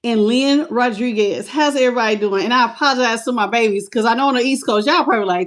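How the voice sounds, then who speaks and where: A woman's voice: fairly high pitch, fast talker, hardly any pauses. Chatty, breathless woman streamer. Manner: chatty, affectionate, calls viewers "baby" and "y'all". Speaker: tarot reader hosting a live stream. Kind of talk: casual live-stream chat.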